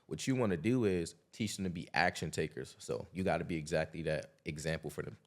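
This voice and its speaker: A man with a low voice talks quickly as a podcast guest. He is a coach who states blunt, confident opinions with no hedging. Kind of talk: casual podcast conversation.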